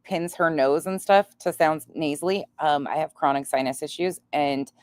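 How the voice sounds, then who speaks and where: Woman, nasal, upper Midwest accent, low-pitched, profane casual commentary, dry close sound. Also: moderate pace, dry recording. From North Dakota, raised in Montana. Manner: blunt, profane, laughing. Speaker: commentary streamer.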